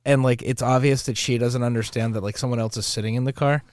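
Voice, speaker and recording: A man's voice: mid-range voice, steady tone, fast, darkish tone. A man co-hosting a podcast in crude, casual banter, joking and often putting on voices. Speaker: podcast co-host.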